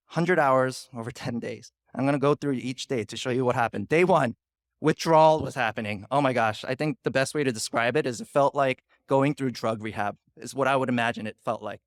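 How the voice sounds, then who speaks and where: Animated man telling a personal story. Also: medium pitch, dry recording, studio quality. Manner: animated, laughs often, acts out his own inner voice. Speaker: keynote speaker. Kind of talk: storytelling talk.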